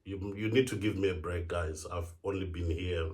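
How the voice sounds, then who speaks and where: A man from Zimbabwe co-hosting a vlog, speaking to the camera in a hesitant, halting way. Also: sits low, fairly even intonation, darkish tone. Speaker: vlog co-host. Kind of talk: casual address to camera.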